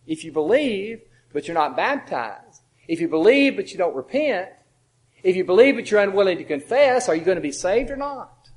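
Emphatic male preacher, higher voice. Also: sing-song, normal speed, low-quality recording. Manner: emphatic, rhetorical questions with strong swings in loudness. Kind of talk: sermon.

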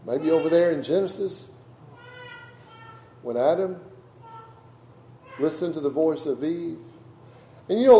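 A man's voice: fairly high pitch, warm tone, reverberant, slight background noise, rough recording. A man preaching a sermon to a congregation in a conversational way, often asking them questions. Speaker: pastor.

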